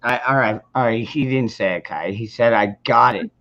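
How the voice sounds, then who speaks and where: A livestream host with a mid-range, slightly bright voice chats casually at a brisk pace. He rambles, restarts often, and swears freely, all over dull lo-fi stream audio.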